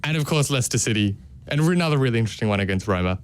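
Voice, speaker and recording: A young man co-hosting a radio football show, chatting in a rambling, animated way. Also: mid-range voice, rapid-fire, clear, resonant tone. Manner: animated, rambling, laughs often. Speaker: podcast co-host. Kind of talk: casual football chat.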